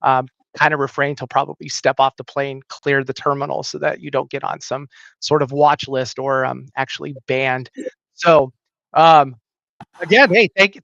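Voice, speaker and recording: Man hosting a podcast, casual and jokey, fairly high voice, dry lo-fi recording. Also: creaky, fairly bright tone, no room sound. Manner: loose and jokey, with fillers and restarts. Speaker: podcast host.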